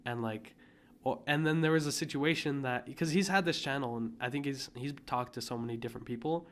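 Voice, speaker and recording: A man with a medium-pitched, fairly bright voice co-hosts a podcast, chatting casually at a fairly quick pace. He rambles and uses lots of filler words, with slight noise in the background.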